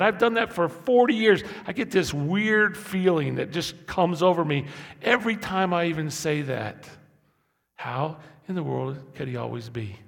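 A gravelly-voiced man in his sixties preaches a sermon, his voice sitting a touch high for a man. He moves between hushed, confiding asides and loud, impassioned peaks. The sound rings with the long echo of a large hall. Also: measured pace. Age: 60s. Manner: impassioned, building to loud emphatic peaks then dropping low. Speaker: pastor. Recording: echoey hall.

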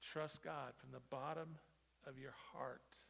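A male pastor preaching a sermon, moving between quiet low stretches and loud emphatic repetition. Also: steady tone, measured pace, creaky. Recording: long hall reverb.

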